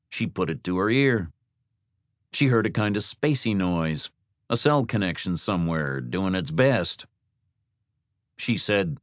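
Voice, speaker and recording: A man reads a thriller audiobook in a measured, descriptive way. His voice is fairly low, with lively rises and falls. The recording is close and dry, with no room sound. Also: no echo. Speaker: audiobook narrator. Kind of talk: scripted narration.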